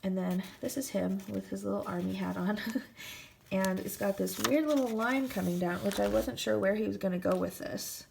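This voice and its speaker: A woman's voice: medium pitch, fairly even intonation, moderate pace, vocal fry, darkish tone, slight background noise. A young woman in her twenties talking to camera in a personal vlog, chatty and affectionate, laughing often and getting a little emotional. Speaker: vlogger.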